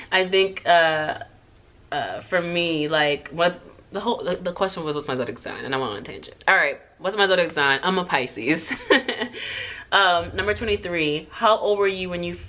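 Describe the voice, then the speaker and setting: Speaking at a normal pace in a lowish voice with a touch of brightness, a hair vlogger casually answers get-to-know-me questions for her audience. She tends to ramble and go off topic, dropping plenty of "like" and "um" and laughing in between.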